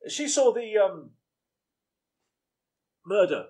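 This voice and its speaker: A man playing a deadpan, stuffy police assistant. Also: sits high, extremely slow, heavily acted. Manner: dry, deadpan, stuffy "sir". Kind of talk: live comedy sketch reading.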